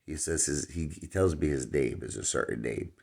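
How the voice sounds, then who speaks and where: A man's voice: extremely low pitch, moderate pace, vocal fry, a little mellow. A middle-aged man telling a comic anecdote in a rambling way, full of fillers, acting out the quotes. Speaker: storyteller.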